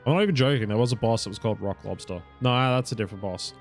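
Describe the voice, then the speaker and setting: A low-pitched young man talks through his gameplay in a loose, rambling way, doubling back on himself and tossing in the odd curse. Quiet game music plays underneath. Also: very fast. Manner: rambling, self-correcting, swears and laughs. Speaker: streamer. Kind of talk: casual live gameplay commentary.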